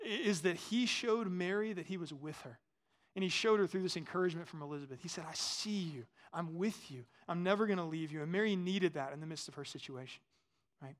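A man's voice: sits high, fairly bright tone. A man in his thirties preaching a sermon as a pastor, talking conversationally and asking the congregation questions.

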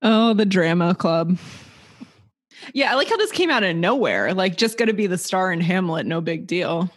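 A woman's voice: lowish voice, animated, normal speed. A woman co-hosting a casual podcast chat over a video call, easygoing and wry. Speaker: podcast co-host.

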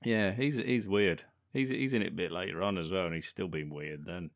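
A man's voice: low voice, a little fast, dry recording, studio quality. A man co-hosting a podcast, full of sarcastic, mocking banter about a film. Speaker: podcast co-host. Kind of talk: casual film chat.

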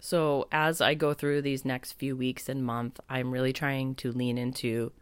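A very deep, smooth female voice with little pitch movement unhurriedly tells a story on her podcast. As host, she speaks in a casual, reflective, spiritual monologue filled with "like" fillers, and there's no echo.

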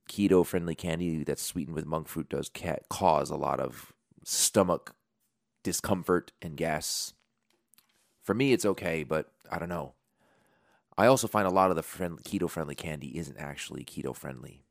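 A man's voice: very deep voice, animated, moderate pace, vocal fry, dry recording, clean studio sound. A man hosting a podcast, chatting casually and reading sponsor spots in a rambling, jokey, self-deprecating way. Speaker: podcast host. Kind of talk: casual unscripted chat and sponsor reads.

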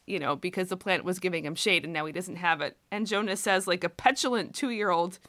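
A woman's voice: medium pitch, moderate pace, hardly any pauses, bright, forceful tone, dry recording, studio quality. A young woman in casual conversation, animatedly retelling a story, laughing often and acting out the quotes. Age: young adult. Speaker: co-host. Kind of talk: casual chat about scripture.

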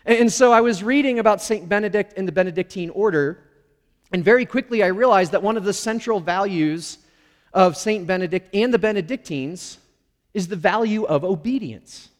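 High-voiced pastor in a reverberant hall. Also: male voice, normal speed. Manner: candid and self-deprecating, with playful asides. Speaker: lead pastor. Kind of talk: conversational sermon. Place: church sanctuary. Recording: long reverb of a large hall.

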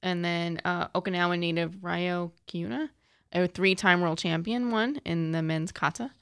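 A woman's voice: fairly low pitch, fairly even intonation, moderate pace, a bit bright, clean tone, no echo, studio quality. A young woman hosting a casual chat, reading out news items in a light, chatty way.

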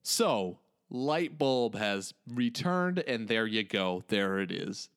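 A man's voice: on the low side, big pitch swings, slow, fairly bright tone. Enthusiastic male podcast co-host. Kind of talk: casual podcast chat.

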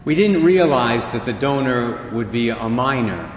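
A man voicing a grave older male doctor, speaking quietly, urgently and solemnly. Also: mid-range voice, lively intonation, unhurried, a little hiss or hum, natural voice. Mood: solemn pleading. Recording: echoey hall, faint ambience.

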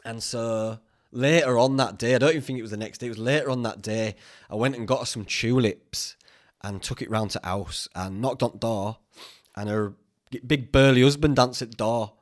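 A young man with a broad Northern English accent talks in a loose, rambling podcast chat. His voice sits at an ordinary middle pitch, and he drifts between tangents with easy swearing. The close podcast mic keeps it direct and conversational. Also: normal speed. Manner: chatty, swears freely, tangential storytelling. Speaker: podcast host.

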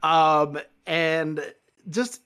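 A man co-hosting a casual chat, telling a rambling story with many restarts and growing animated as he retells it. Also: on the high side, extremely slow, clean tone. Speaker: podcast co-host.

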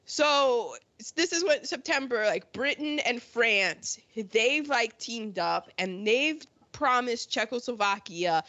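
A woman hosts a casual history podcast and tells the story with animated energy, slipping into silly voices for countries. Her voice sits a little high and swoops around a lot. The recording sounds dull and lo-fi. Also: takes it slowly, hardly any pauses, no echo. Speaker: podcast host.

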